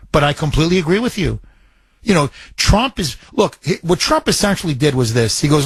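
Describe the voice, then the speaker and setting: Animated radio host, husky voice. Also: male voice, fairly high pitch, brisk, no room sound. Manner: animated storyteller, repeats phrases. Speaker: radio talk show host. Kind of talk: talk radio chat with a caller.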